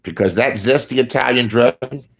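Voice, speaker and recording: A man speaking in a profane, casual commentary rant, his voice jumping loud and high when he mocks people. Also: normal speed, vocal fry. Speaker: online commentator.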